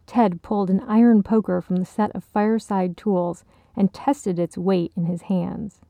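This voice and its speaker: A woman narrating a short story in a measured, even way. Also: mid-range voice, vocal fry, no room sound. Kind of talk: audiobook narration.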